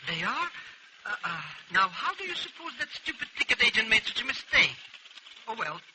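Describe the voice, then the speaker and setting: An actor with an American accent in a 1940s radio drama playing a brash, wheedling comic sidekick, on a hissy old recording. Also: male voice, very high-pitched, very animated, moderate pace. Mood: wisecracking. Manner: wisecracking, wheedling.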